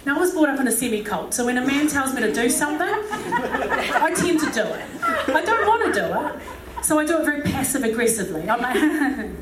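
A woman's voice: high-pitched, recorded from a distance. A middle-aged woman giving a humorous, self-deprecating talk, often laughing and acting out quotes. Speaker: speaker. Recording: echoey hall with faint noise.

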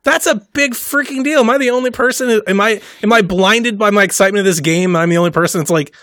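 A man's voice: high-pitched, fast talker, a bit bright, no echo, studio quality. A man co-hosting a podcast in casual chat, enthusiastic and rambling. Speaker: podcast co-host.

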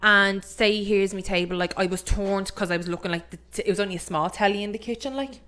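A woman's voice: mid-range voice, quick pace. A young woman with an Irish accent, co-hosting a podcast and telling a ghost story in casual chat, acting out the voices and saying "like" a lot. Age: young adult. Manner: animated storytelling, acts out voices, heavy 'like' filler. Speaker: podcast co-host.

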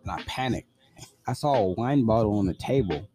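A man's voice: on the low side, expressive, a little fast, music in the background. A man casually telling a personal story, blunt and profane, full of "like" fillers.

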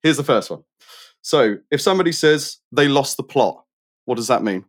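A British man talking casually in a middle-pitched voice, loose and rambling. He circles his point with plenty of fillers and friendly asides, easygoing rather than polished. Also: expressive, moderate pace. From Britain. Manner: chatty, rambling, many fillers and restarts. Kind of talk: casual conversation.

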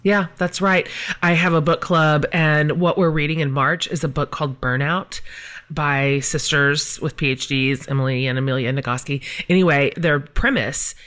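A woman's voice: low voice, steady tone, moderate pace, fairly bright tone. A woman hosting a podcast interview, chatty and affirming, cheering on her guest in a casual conversational way. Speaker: podcast host.

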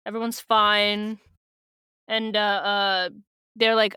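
A woman's voice: a little high, measured pace, a bit bright, smooth, no echo, clean studio sound. A young woman co-hosting a podcast, recapping a book in a giggly, irreverent, swearing chat. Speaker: podcast co-host.

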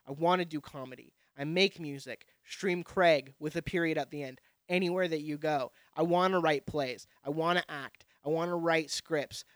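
Young guy podcast host ranting, high bright voice, crude and brash, dry close sound. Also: smooth, dry recording. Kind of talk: profane casual monologue.

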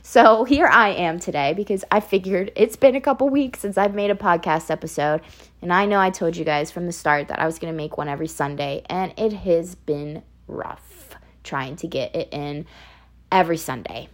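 A woman's voice: on the low side, normal speed. A young woman hosting a casual solo podcast, chatty and rambling, laughing often, with a slight picked-up Southern twang. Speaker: podcast host.

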